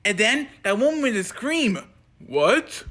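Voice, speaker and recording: A man's voice: very high-pitched, big pitch swings, measured pace, noisy background. A man acting out a playful homemade skit, switching between put-on character voices.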